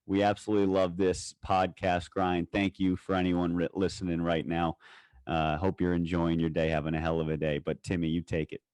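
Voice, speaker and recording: A young man co-hosts a golf podcast and talks with loose, excited energy. He rambles and swears casually. His voice sits a bit low and sounds dry and close. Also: a little fast, smooth, dry recording. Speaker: podcast co-host.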